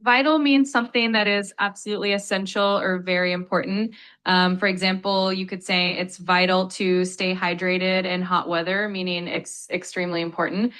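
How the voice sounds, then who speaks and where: Bright, upbeat synthetic woman tutor. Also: on the low side, fairly even intonation, moderate pace. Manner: polite, upbeat, explanatory. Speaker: AI English tutor. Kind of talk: patient vocabulary explanation.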